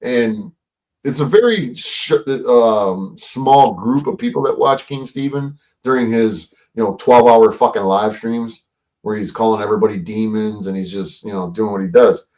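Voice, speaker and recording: Rambling low-voiced male livestream host. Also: normal speed, darkish tone, recorded from a distance. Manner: rambling, swears, many fillers and restarts. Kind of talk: casual livestream commentary.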